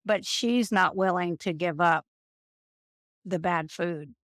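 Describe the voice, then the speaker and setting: A woman in her fifties talks as an interview guest, drawing on her work as a nurse. Her voice sits on the low side and is recorded close and dry. She tells animated stories and slips into the voices of the people she quotes. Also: slow, no room sound. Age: 50s. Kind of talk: storytelling interview.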